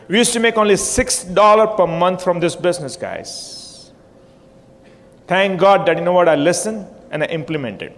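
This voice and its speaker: Man, motivational speaker, high voice, punchy and repetitive, hall reverb. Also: moderate pace. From India. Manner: repetitive, punchy, audience-prodding. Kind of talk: motivational stage talk. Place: hotel conference hall.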